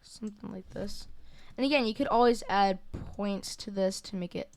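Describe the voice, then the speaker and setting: A woman walking through a software drawing tutorial in a casual, hesitant way, with many fillers and self-corrections. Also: mid-range voice, moderate pace, vocal fry. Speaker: tutorial creator. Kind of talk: screen-recorded software tutorial.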